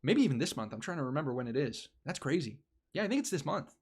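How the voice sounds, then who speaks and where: A man's voice: a little high, sing-song, fast talker, a little mellow, slightly rough. A young man hosting a casual live stream, rambling and restarting his phrases as he talks to his chat.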